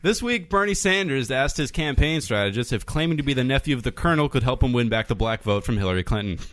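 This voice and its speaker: A man's voice: medium pitch, expressive, fast, fairly bright tone, a little hiss or hum. A man co-hosting a comedy podcast, trading wry jokes and laughing easily. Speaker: podcast co-host. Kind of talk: comedic joke-trading banter.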